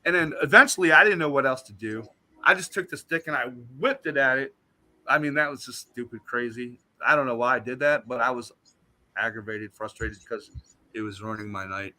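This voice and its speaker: A man, a guest on a talk show, telling a story in an animated, emphatic way. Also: medium pitch, fairly quick. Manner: animated, emphatic retelling that acts out what he said.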